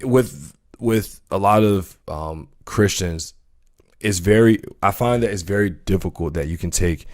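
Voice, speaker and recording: A man talking casually about religion on a podcast, animated and quick to jump in with corrections, often restarting his sentences. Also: low voice, no room sound, studio quality.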